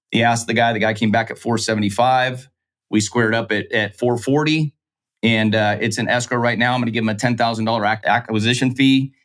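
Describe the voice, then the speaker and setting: A quick-talking man spinning a business story in a relaxed, chatty way. He rattles off the numbers and slips into the voices of the other people in the story as he quotes them. His pitch sits in the middle range. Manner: animated, acts out quoted dialogue. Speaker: real estate investor guest. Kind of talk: casual storytelling.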